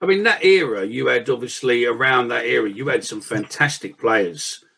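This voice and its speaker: Husky easygoing man. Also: medium pitch, normal speed, pushed and bright. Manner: easygoing, teasing, laughs often. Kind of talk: casual chat.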